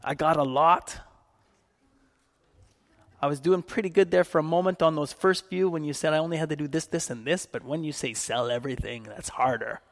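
A man doing a sheepish rich man, hushed and low. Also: moderate pace, natural voice. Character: rich man, hesitant and reluctant.

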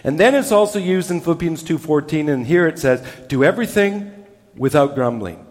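A male pastor preaching a sermon with emphasis, dropping low and soft on key words. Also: animated, brisk, long reverb tail.

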